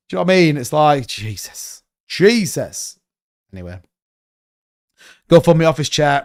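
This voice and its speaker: A man's voice: fairly high pitch, lively intonation, normal speed, long pauses, smooth. Blunt, rambling man. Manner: rambling, blunt, swears freely. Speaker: crypto livestream host. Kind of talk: casual livestream chat.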